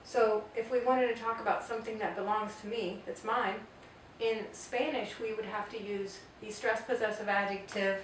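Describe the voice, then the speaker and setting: A Spanish teacher gives a grammar lesson, patiently spelling out word forms one by one in a medium-pitched, steady voice at normal speed. The recording is echoey, with her far from the mic and a faint hiss.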